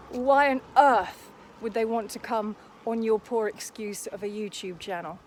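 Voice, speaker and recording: Brief: sarcastic, scornful woman, fairly high voice, talking to a phone while out walking. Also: measured pace, slight background noise. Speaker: vlogger. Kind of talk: casual to-camera rant. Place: outdoors, walking.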